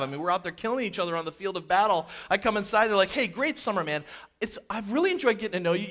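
A man preaches a lively sermon with a voice on the higher side. He swings between playful joking asides and slow, quiet stretches of emphasis. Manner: animated, jokey asides, acts out quoted voices. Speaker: pastor.

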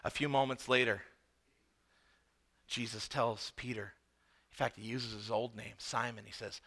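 Bright, animated male preacher. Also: mid-range voice, measured pace, long pauses. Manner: animated, emphatic storytelling with rhetorical questions. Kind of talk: sermon.

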